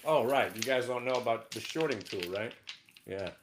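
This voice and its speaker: A man hosting a live market show, ranting brashly about his trades with sudden shouted outbursts. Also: medium pitch, moderate pace, background noise. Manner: excitable, loud bursts of shouting, brash. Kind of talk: live trading rant.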